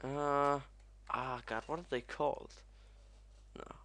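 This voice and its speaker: A young man commentating as he plays a video game, excitable and swearing often. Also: mid-range voice, slow. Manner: excitable, swears a lot, yelps at crashes. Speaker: gaming commentator. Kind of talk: let's play commentary.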